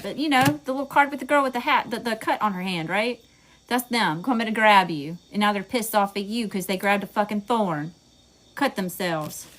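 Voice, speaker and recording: A woman's voice: mid-range voice, a bit bright. Southern lady doing a tarot livestream, loose and cussy, says y'all, a lil faint hiss behind. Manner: chatty, swears freely, says y'all a lot, laughs at herself. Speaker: tarot reader. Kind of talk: casual livestream tarot reading.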